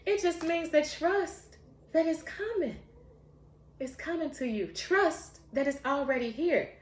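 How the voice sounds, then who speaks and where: A woman's voice: sits high, measured pace, echoey room. A woman giving a casual spiritual tarot reading, heartfelt and encouraging, often breaking into laughter. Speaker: tarot reader.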